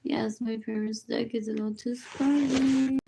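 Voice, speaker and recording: A woman's voice: on the high side, steady tone, normal speed, gravelly, background noise. A woman in her forties rambling on a livestream, repeating herself, drifting into near-whispers and switching between English and Spanish. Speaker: livestream host. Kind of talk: rambling live-stream monologue.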